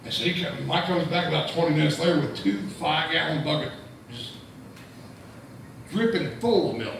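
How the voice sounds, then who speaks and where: A man's voice: on the high side, expressive, normal speed, gravelly, a bit bright, distant mic. A man from Indianapolis telling a profane, rambling stand-up story, stammering through restarts. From Indianapolis, USA. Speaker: stand-up comedian. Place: comedy club stage. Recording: echoey room mic heard from afar with noise.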